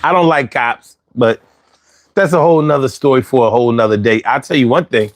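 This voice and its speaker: A man's voice: mid-range voice, fairly quick. A man hosting a casual livestream, chatting loosely, reading chat and repeating his phrases.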